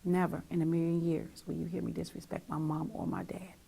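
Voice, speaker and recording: A middle-aged woman hosts a talk show, delivering an emotional, emphatic monologue to her viewers that swings from loud to almost a whisper, repeating lines for weight. Her voice is deep and slightly rough with vocal fry, and she speaks briskly.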